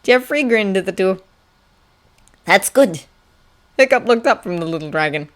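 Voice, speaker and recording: A woman narrating a fanfiction audiobook with a steady, expressive reading. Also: medium pitch, fast talker. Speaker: audiobook reader.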